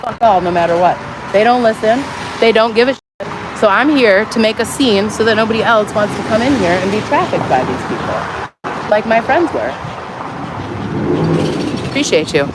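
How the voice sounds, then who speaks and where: A woman's voice: medium pitch, lively intonation, moderate pace, long pauses. A woman protesting in the street, arguing bluntly and swearing freely. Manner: blunt, combative, profane. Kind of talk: heated street argument. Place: outdoors by a street. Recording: street traffic noise behind.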